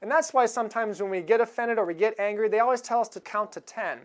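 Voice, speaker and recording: A woman's voice: mid-range voice, quick pace. Woman preacher, casual chatty sermon delivery, easy chuckles, mid-range voice. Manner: conversational, chuckles while retelling a film scene.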